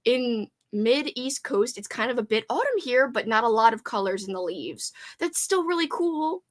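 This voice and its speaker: A woman's voice: on the high side, normal speed. A young woman, chatting bubbly and casual on a livestream, reading viewer comments aloud and answering them. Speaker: livestream host reading chat.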